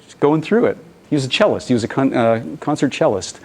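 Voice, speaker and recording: Male presenter at a talk, middle pitch, animated storyteller who voices the people he quotes. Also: brisk, breathy edge. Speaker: conference presenter. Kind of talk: lecture presentation.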